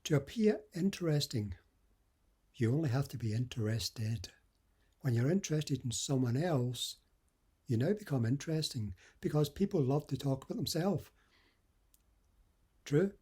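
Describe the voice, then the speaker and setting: A middle-aged man speaks with a husky edge in a mellow, warm tone. He gives dating and confidence advice in an earnest, conversational way. He often acts out little example dialogues. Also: medium pitch. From west coast of Scotland. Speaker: dating coach. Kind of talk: motivational advice talk.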